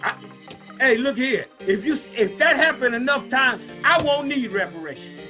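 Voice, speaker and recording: A man's voice: very high voice, animated, moderate pace, pushed and bright, dull audio, soft background music. A man hosting a casual chat, talking emphatically in street slang with a slight North Louisiana accent. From Los Angeles. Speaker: host.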